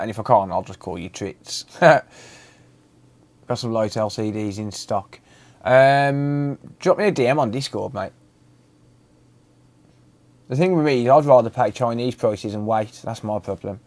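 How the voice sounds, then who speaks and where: A man's voice: medium pitch, darkish tone. A man hosting a casual live stream, greeting viewers by name and chatting loosely.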